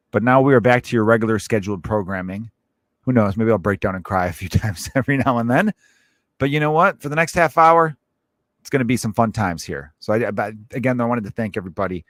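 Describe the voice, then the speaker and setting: A man's voice: fairly low pitch, no echo. Guy ranting on his comedy podcast, swears a lot, rambles, dry mic. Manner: swearing, rambling, animated asides. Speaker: podcast host. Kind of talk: casual comedic rant.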